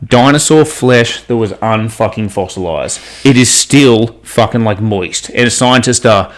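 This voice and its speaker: A man co-hosting a podcast in casual chat, excitable and swearing constantly as he spins conspiracy talk. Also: lowish voice, unhurried. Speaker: podcast co-host.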